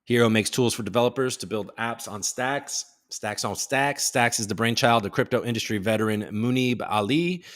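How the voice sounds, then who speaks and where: A man's voice: mid-range voice, normal speed, few pauses, a bit bright. A man hosting a casual livestream, reading news headlines aloud and tossing in joking asides. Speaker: host.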